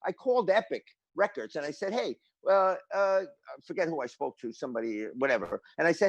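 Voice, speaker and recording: An older man, a guest drummer telling stories in a casual interview, animated and rambling with many restarts. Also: on the high side, brisk, dry recording.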